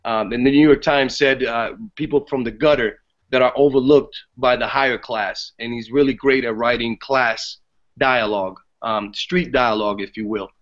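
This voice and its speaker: Male podcast guest, mid pitch, casual and profane, lo-fi sound. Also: normal speed. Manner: animated, swears freely, restarts often. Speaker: theater guest. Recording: dull lo-fi podcast audio.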